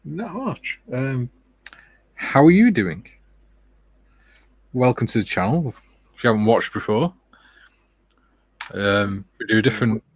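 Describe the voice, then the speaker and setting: Relaxed British man, lowish dry voice. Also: dry recording. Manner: relaxed, chatty, with joking asides. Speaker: livestream host. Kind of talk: casual livestream chat, reading viewer comments aloud.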